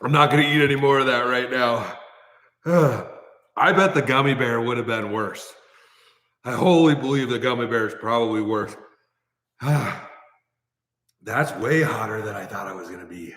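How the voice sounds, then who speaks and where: A man's voice: mid-range voice, moderate pace, long pauses, fairly bright tone. Midwestern male streamer, easygoing chat, recorded in a roomy echoing shop. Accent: Midwestern American. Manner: coughing and sighing from spicy food, thanking viewers. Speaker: livestream host. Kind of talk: casual livestream chat. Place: large new shop building. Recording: echoey reverberant shop room.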